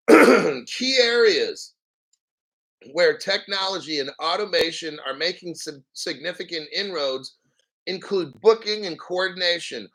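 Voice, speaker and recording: A man hosting a crypto livestream, reading an article aloud with profane, sarcastic rambling asides and frequent throat-clearing. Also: high voice, sharp tone, low-quality recording. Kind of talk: profane ranting commentary while reading an article.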